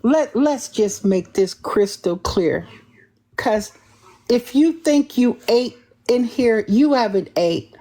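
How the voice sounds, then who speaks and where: A woman's voice: on the high side, lively intonation, takes it slowly, warm tone. A woman hosting a live-streamed call-in show who talks with sassy, confrontational emphasis. She repeats herself and restarts sentences often, and she refers to herself in the third person. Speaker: livestream host taking callers.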